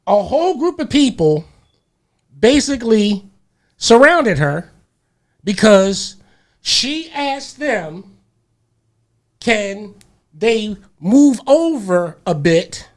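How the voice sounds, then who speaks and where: On a radio talk show, a male host tells a story in an animated, slangy, emphatic style, repeating words as he gets worked up. His voice sits high.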